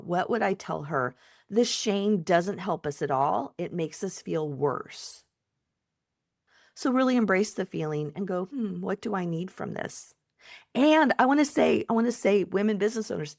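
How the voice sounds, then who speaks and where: A woman psychotherapist and coach speaking as a podcast guest, giving gentle advice and acting out kind, soothing self-talk. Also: mid-range voice, vocal fry, dry recording, clean studio sound. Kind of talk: warm conversational advice.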